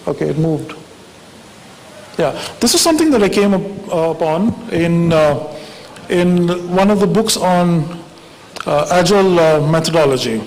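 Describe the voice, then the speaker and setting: A man's voice: a little high, animated, a little slow, a little mellow. A man giving a wry, conversational conference talk, often checking in with the audience by asking "right?". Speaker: conference speaker. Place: conference hall. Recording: reverberant hall, faint background hiss.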